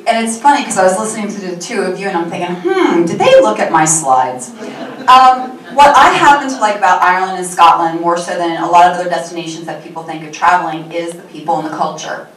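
Woman from a tour company chatting on a panel, lower voice, roomy echo. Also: fast, few pauses, fairly bright tone. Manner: friendly, conversational. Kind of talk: panel presentation. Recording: echoey room from far off.

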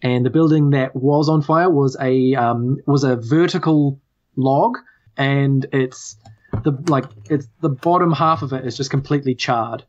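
A woman's voice: very deep voice, a little slow, darkish tone, muffled recording. A woman with a New Zealand accent narrating as game master, hesitant with many fillers.

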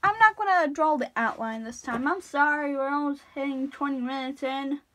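A woman's voice: high-pitched, moderate pace, fairly bright tone. A woman chatting casually while she draws, rambling off-topic, apologizing and cutting herself off. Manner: rambling, self-interrupting, apologetic. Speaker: drawing tutorial vlogger.

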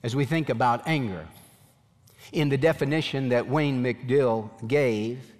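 A man preaching a sermon as a pastor, animated, voicing God's questions in a pleading tone. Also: medium pitch, unhurried, long reverb tail.

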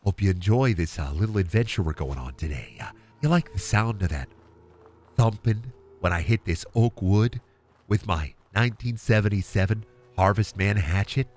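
A man voicing a gruff lumberjack in a whispered role-play, slow and murmured. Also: fairly low pitch, animated, darkish tone, voice pushed down. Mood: hushed. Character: hushed gruff lumberjack ASMR host, male.

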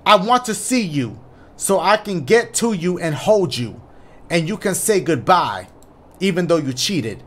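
A cold, accusing ghost of a dead woman speaks from a horror game, read aloud by a man. Her lines come out flat and blaming, with the pitch still lifting and dipping. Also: unhurried, full character voice. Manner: reading game lines aloud in a half-serious voice. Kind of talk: reading game dialogue aloud.

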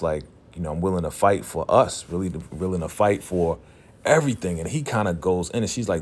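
A man's voice: deep voice, moderate pace. A man casually recapping a TV episode, slipping into the characters' quoted lines and talking straight to his viewers in slang. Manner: retells scenes by half-acting the characters' quoted lines.

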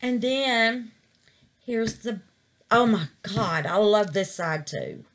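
Slow, animated woman crafter. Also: mid-range voice. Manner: chatty, calls viewers babies, exclaims to the Lord. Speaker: resin crafter. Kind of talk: casual crafting vlog.

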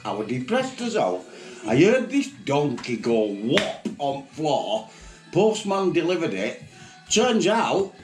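A man with a Yorkshire accent, blunt and sweary, chatting excitedly to his viewers in a casual vlog. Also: medium pitch, measured pace. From Bradford, England. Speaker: vlogger. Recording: echoey room with faint music.

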